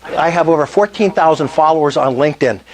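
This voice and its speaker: At a meetup, an older man pitches to a live audience with real enthusiasm, regularly asking the crowd questions. His voice runs a little high and he talks at a quick clip.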